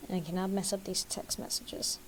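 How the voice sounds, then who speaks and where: A woman streamer who reads a dating game aloud quickly, a bit out of breath and poking fun at herself. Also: medium pitch, level tone, heavy background noise. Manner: fast, self-mocking reading. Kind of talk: game dialogue read-along.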